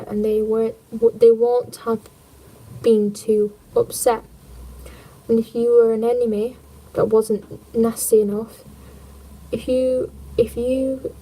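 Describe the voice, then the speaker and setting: Woman livestreamer, reading history with punning asides, fairly high voice, unhurried delivery. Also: dark tone, poor audio. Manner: jokey, punning, wry asides.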